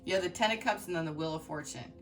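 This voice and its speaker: A woman's voice: fairly low pitch, very fast, recorded from a distance, soft background music. A woman giving a heartfelt, emotional tarot reading, speaking straight to her viewers with many fillers and restarts. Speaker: tarot reader.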